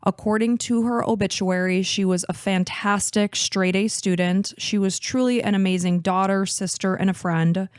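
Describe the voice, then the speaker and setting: A woman's voice: mid-range voice, steady tone, normal speed, hardly any pauses, smooth, dry recording, clean studio sound. A woman in her thirties hosting a podcast, emotional and teary as she chats and narrates a case. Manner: emotional, talks openly about crying. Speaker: podcast host. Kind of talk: casual chat and case narration.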